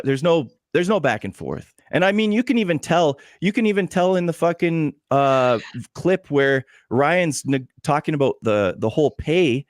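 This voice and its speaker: A man's voice: on the high side, no room sound, studio quality. A man hosting a podcast, talking casually and aggrieved about how he was treated, swearing often. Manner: aggrieved, heavy swearing, blunt. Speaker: podcast host. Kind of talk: casual uncensored podcast chat.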